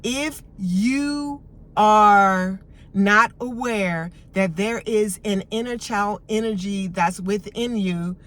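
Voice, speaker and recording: Slow, soothing woman coaching gently. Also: mid-range voice. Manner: gentle, soothing, unhurried guidance. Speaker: behavioral health coach. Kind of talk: self-help vlog talk.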